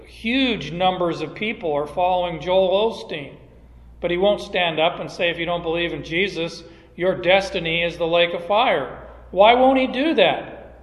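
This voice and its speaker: Male pastor, sermon delivery, emphatic, fairly high voice, echoey hall. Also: normal speed. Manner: emphatic preaching with rhetorical questions. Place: church sanctuary.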